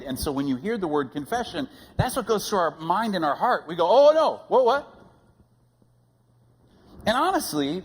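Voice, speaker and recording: A middle-aged man preaching a sermon as pastor, telling stories in an animated way and acting out the voices he quotes. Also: on the high side, breathy edge, big-room sound, rough recording. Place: church sanctuary.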